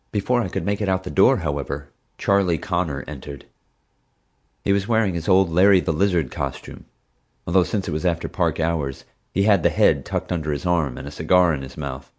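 A man narrating a first-person children's story in a steady, plain way. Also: sits low. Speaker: audiobook narrator.

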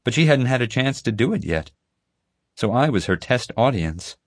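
A man reading a first-person story aloud as an audiobook narrator, in an even storytelling manner. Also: medium pitch, normal speed, dry recording. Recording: dry close studio sound.

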